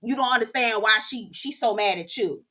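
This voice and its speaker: A woman with a bright, forceful voice, pitched a little high. She talks in a sassy, profane, animated way. She is giving casual recap commentary. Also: normal speed. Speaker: reality TV recap host.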